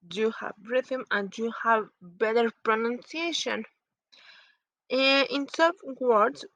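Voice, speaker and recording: A woman whose first language is Spanish, explaining phonetics in halting English as she searches for words. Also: a little high, a bit bright, no room sound, poor audio.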